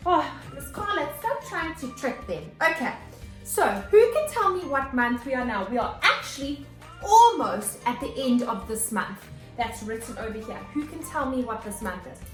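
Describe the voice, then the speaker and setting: A woman teacher, leading a children's morning lesson in an animated way, with gasps and exclamations. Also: high-pitched, normal speed, reverberant, soft background music.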